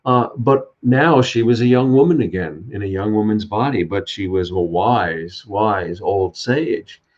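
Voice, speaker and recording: A low-voiced man tells an ancient tale, then muses on what it means, pausing often with fillers. He sounds like he is on a video call, with a dull, lo-fi tone. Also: darkish tone. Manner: unhurried, hesitant with fillers. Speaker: storyteller and speaker. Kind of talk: reflective spiritual talk.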